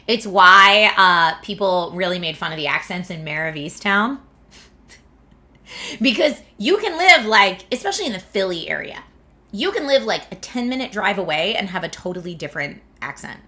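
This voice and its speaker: A woman's voice: on the low side, bright, forceful tone. A woman, chatting casually with her viewers on a stream and laughing often. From Philadelphia area, USA. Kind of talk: casual chat reading viewer comments. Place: home streaming setup in California.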